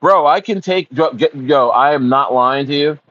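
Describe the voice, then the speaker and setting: A man's voice: a little high, moderate pace, a bit bright, no room sound, dull audio. A man hosts a casual livestream. He rambles, fills his talk with ums and uhs, swears, and calls his viewers bro. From United States. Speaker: livestream host.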